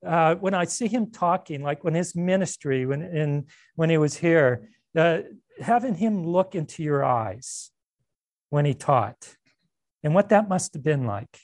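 Animated male pastor, dry close sound. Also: fairly high pitch, unhurried, dry recording. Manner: animated, conversational, with frequent restarts and asides. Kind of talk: sermon.

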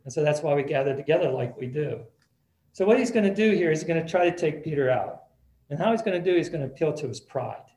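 Male pastor, sermon, conversational, slightly high voice, echoey room. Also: lively intonation, quick pace, a little mellow. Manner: conversational preaching, repeats words when restarting.

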